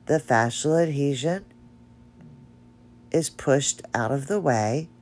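Slow-talking nasal woman podcaster. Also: extremely low pitch, a little mellow. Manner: chatty, rambling, laughs at herself. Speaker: podcast host. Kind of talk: casual solo podcast talk.

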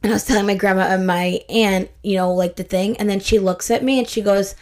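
A woman's voice: mid-range voice, fairly even intonation, brisk. Chatty woman telling stories. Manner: chatty storyteller, acts out quotes. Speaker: podcast co-host. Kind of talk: casual chat.

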